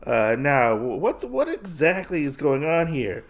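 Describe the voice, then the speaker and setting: Casual male host, animated pitch, loose filler-heavy storytelling. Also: measured pace. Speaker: podcast host. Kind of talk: casual comic recap.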